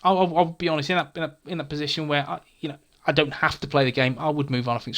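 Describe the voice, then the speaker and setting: A man's voice: fairly high pitch, fairly even intonation, very fast, few pauses, a bit bright. A man hosting a gaming channel, casually answering viewer comments in a frank, chatty way, often stumbling and repeating words.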